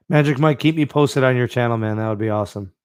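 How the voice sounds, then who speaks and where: A man's voice: mid-range voice, a little mellow, clean tone, no room sound. Casting: easygoing male podcast host, mid-range voice, dry close mic, loose chatty delivery. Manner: laid-back, reads out live chat, many fillers. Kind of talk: live-stream podcast chat.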